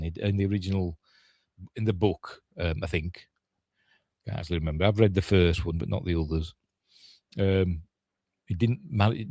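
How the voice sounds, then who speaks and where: A man's voice: low-pitched, darkish tone, dry recording. An older man with a Yorkshire accent, chatting casually as a podcast host reacting to a film trailer, grumbling and mocking himself.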